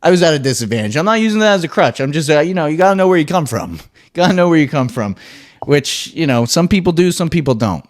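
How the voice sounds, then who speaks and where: A man hosting his own podcast, ranting solo in an excitable, profane, rambling way. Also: fairly high pitch, fast talker. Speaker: podcast host.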